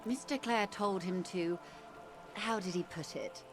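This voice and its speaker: A woman's voice: medium pitch, over music, natural voice. A woman voicing a composed, formal female negotiator in a video game, with polished diction. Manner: composed and measured. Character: poised, formal middle-aged woman negotiator. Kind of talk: game voice acting.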